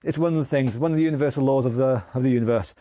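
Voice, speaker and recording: Speaking rapid-fire in a dark, medium-pitched voice, an English fitness instructor counts down moves for his live online exercise class. He's encouraging and chatty but a little out of breath, and the studio-quality audio has no echo.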